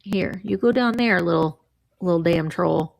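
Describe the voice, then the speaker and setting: A woman's voice: on the low side, measured pace, creaky, a little hiss or hum. A woman chatting casually while running a live vintage auction, bubbly and playful with sing-song noises.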